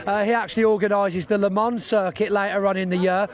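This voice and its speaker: A man's voice: high-pitched, level tone. A man presenting live while walking around an outdoor race circuit, chatting and joking with guests. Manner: chatty, jokey, quick asides. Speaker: trackside presenter.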